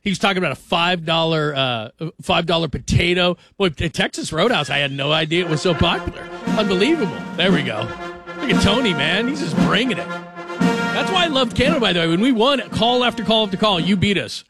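Excitable high-voiced radio host. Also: male voice, a little fast, over loud music. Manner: excitable, enthusiastic. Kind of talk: radio talk show.

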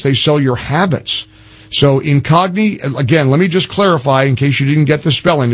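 Brisk older talk radio host. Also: male voice, fairly high pitch, breathy edge. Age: 60s. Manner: emphatic, spells things out slowly, frequent restarts.

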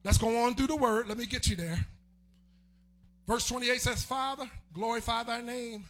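A man delivering a sermon, chanting his lines and swelling into shouts. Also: extremely high pitch, moderate pace. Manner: chanting, sing-song preaching that swells into shouts. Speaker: preacher.

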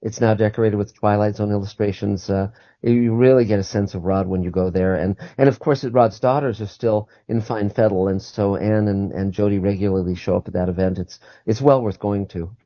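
A man's voice: on the low side, steady tone, brisk, dry recording, dull audio. A man guest on a call-in radio show, talking earnestly and often repeating and restarting his words.

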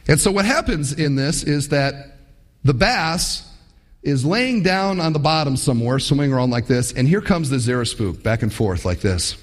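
Male preacher, lively and folksy, slightly high voice, long hall echo. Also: moderate pace. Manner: animated, folksy, playful. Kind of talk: sermon with storytelling.

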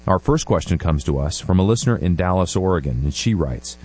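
A man with a very low, deep voice opens a radio program. He reads the scripted introduction in a measured, formal announcer's manner. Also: lively intonation, darkish tone, slightly rough.

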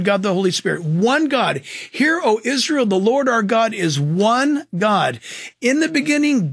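A man's voice: sits high, fairly bright tone, no room sound, clean studio sound. A man preaching a sermon, blunt and emphatic, asking rhetorical questions and answering them himself. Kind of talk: sermon critiquing teachers.

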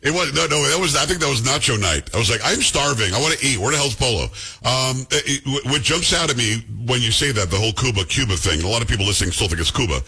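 A man hosting a radio show, bantering casually with teasing, animated storytelling and acting out other people's lines. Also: medium pitch, fast talker, hardly any pauses, husky.

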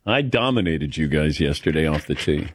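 A man's voice: a bass voice, lively intonation, moderate pace, no room sound, clean studio sound. A middle-aged man hosting a radio talk show, telling a self-mocking story in a chatty way and laughing often.

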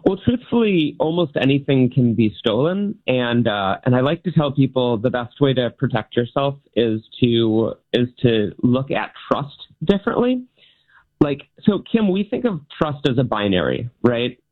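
A man's voice: medium pitch, sing-song, normal speed, few pauses. A man guesting on a talk show as a magician, explaining things in a friendly way with light laughs. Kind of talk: interview answers. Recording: tinny phone line.

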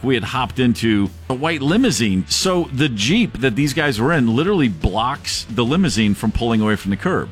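A man casually telling a story from touring with his band, animated and acting out the voices of the people in it. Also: medium pitch. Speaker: rock drummer telling a tour story.

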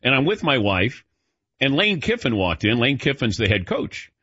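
A man's voice: medium pitch, sing-song, moderate pace, sharp tone, slightly rough, no room sound. A man hosting a sports radio show, chatting casually, joking and telling anecdotes. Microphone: studio mic. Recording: dull, dry studio sound.

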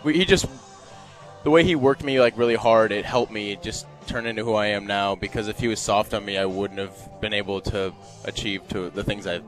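A man in his twenties, a volunteer assistant coach, answering interview questions in a halting, rambling way. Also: on the low side, faint music behind. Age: 20s. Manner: halting, full of fillers and restarts. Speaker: guest, former player and volunteer assistant coach. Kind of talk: radio interview.

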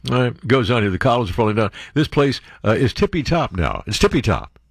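A man hosting a talk radio show, reading the news and tearing into it with sarcastic, disbelieving asides. His pitch swings widely as he rants. The sound is dry and close. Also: brisk, gravelly, dry recording. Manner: sarcastic, animated commentary with mock-incredulous outbursts. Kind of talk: reading and mocking news on air.

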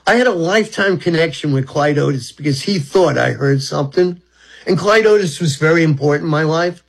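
A man's voice: high-pitched, poor audio. A man in his seventies, a talk-show guest from Brooklyn, telling rambling, earnest stories about his spiritual life. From Brooklyn, New York. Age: 70s. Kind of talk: reflective storytelling.

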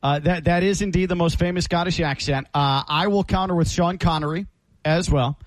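High-voiced, wisecracking sports talk co-host. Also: male voice, dry recording. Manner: wisecracking, quick to laugh. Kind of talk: sports talk show banter.

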